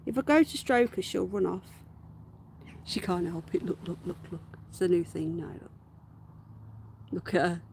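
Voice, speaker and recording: A woman with a rough, fry-edged voice that sounds unwell and worn, chatting loosely to her viewers. She keeps slipping into a high, drawn-out baby voice for her animals. Faint outdoor noise hums behind her. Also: animated, a little mellow. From United Kingdom. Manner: coos at pets in a high, slow baby voice between chatty asides to viewers. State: unwell, voice going. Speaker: livestream host. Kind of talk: casual live-stream chat. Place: garden outdoors.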